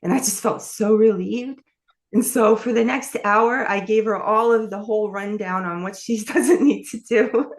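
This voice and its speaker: A woman's voice: medium pitch, moderate pace. A middle-aged woman telling a story as an interview guest, rambling along with many fillers and self-corrections. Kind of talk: casual storytelling chat.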